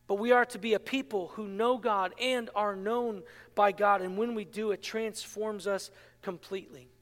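Ringing out with a long reverb as if in a big church hall, a married adult pastor's strikingly high voice sounds bright and forceful yet steady in tone as he delivers an impassioned sermon at moderate pace. He laughs at his own expense and leans heavily on rhetorical questions.

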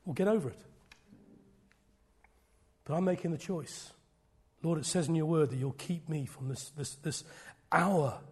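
A middle-aged man preaching a sermon, swinging from loud declarations to hushed, almost whispered lines. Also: fairly high pitch, a little slow, pauses often, husky.

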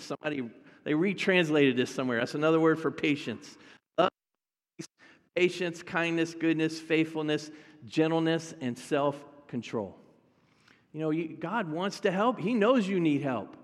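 A man's voice: a little high, in a large hall. A male pastor preaching a sermon in a conversational way, talking directly to his congregation.

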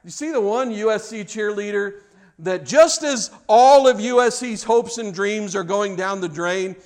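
A pastor preaching a conversational sermon, often repeating words as he goes and swinging from hushed, low passages to loud, excited ones. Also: unhurried.

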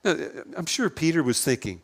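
A man's voice: fairly high pitch, sing-song, fairly quick. An older man preaching a sermon in a plainspoken, conversational way, asking rhetorical questions and restarting a few words here and there. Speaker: pastor.

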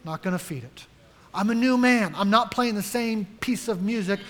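A man's voice: high voice, normal speed, fairly bright tone. A man preaching a sermon to his congregation, earnest and direct, often asking them questions. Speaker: pastor. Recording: long hall reverb.

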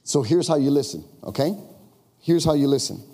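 A man's voice: medium pitch, animated, normal speed, mellow, slightly rough. A male pastor preaching a conversational sermon, acting out quoted questions in a raised voice.

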